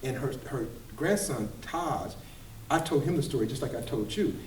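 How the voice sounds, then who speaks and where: Middle-aged male choreographer guest, rambling animated storyteller, picked up from a distance in a roomy echoing space. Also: mid-range voice, moderate pace, slight background noise. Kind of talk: casual interview storytelling. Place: large room at a kids fitness camp event. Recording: roomy echo, distant mic, faint ambience.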